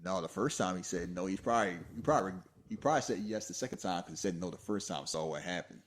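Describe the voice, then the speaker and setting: A man co-hosting a podcast, chatting casually about a movie and jumping into high falsetto voices for its lines. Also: fast. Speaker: podcast co-host. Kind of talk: casual movie commentary chat.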